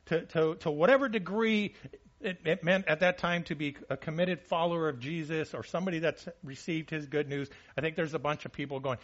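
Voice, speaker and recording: A man's voice: fairly high pitch, animated, normal speed, fairly bright tone. Man preaching, repeating words, dull recording. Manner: frequent restarts and repeated words, checks in with listeners. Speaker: pastor. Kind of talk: conversational sermon. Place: church service.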